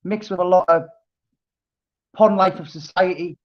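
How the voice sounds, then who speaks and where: A man's voice: high-pitched, moderate pace, muffled recording. A man interviewing a guest with brief prompts and questions in a casual chat.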